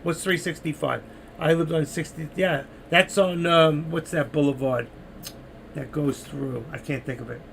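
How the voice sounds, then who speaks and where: Gravelly New York man calling trades live. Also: a little high, fairly even intonation, unhurried, a bit bright, slight background noise. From New York City. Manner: chatty, talks through trades while reading chat. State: losing his voice. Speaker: trading live streamer. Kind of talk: live market commentary.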